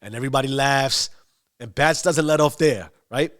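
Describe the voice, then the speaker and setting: A man's voice: medium pitch, normal speed, a bit bright. Emphatic male motivational speaker. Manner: emphatic, repetitive lists. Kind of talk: motivational monologue.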